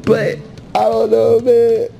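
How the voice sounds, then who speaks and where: A man's voice: very high voice, monotone, takes it slowly, vocal fry, music in the background, exaggerated voice. A man putting on a whiny, crying young male streamer who sobs and pleads. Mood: whiny sobbing. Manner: sobbing, whining, pleading.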